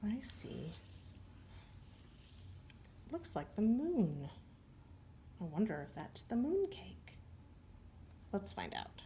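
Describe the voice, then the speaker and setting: A woman librarian leading storytime for small children, her voice lively and swooping yet unhurried. She sounds encouraging and singsong, slightly low in pitch. The recording is roomy and a bit distant from the mic, with faint ambience behind. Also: a little hiss or hum.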